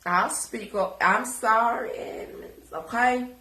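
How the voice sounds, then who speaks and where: A Jamaican woman rants on a live video, profane and confrontational. She talks slowly in a bright, sharp voice, and the sound bounces around an echoey room. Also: fairly high pitch. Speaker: social media personality.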